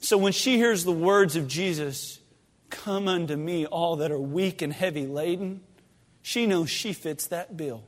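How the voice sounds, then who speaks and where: High-voiced pastor guy preaching, fervent then hushed, long church echo. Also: measured pace. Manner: swings from loud, fervent pleading to hushed, low-voiced storytelling. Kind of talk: sermon. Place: church sanctuary. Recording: long reverb of a church sanctuary.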